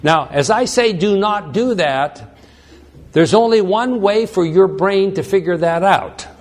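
A man delivers a bible teaching sermon in a slightly higher voice. He speaks slowly and deliberately, reading verses aloud and then unpacking them. He often restarts his phrases as he goes. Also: expressive. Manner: unhurried, reads scripture aloud then explains, frequent restarts. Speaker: preacher.

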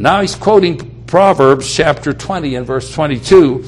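A man's voice: fairly high pitch, normal speed, hardly any pauses. A man preaching a sermon. He speaks emphatically and repeats key phrases for weight.

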